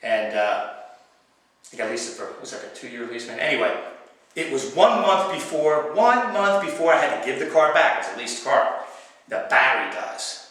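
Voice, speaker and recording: Animated stand-up storyteller, bright echoey room. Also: male voice, fairly high pitch, normal speed, far from the mic. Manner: animated, acts out voices and shouts in the story. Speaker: stand-up comedian.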